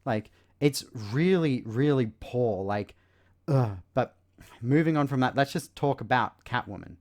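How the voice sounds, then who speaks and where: A man's voice: mid-range voice, unhurried, a little mellow. Exasperated man giving a casual film review. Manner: exasperated, sarcastic critique with many fillers.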